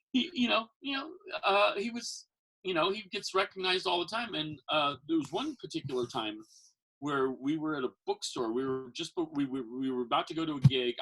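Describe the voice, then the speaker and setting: A man guesting on a podcast, telling rambling stories in an energetic casual chat. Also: fairly high pitch, low-quality recording.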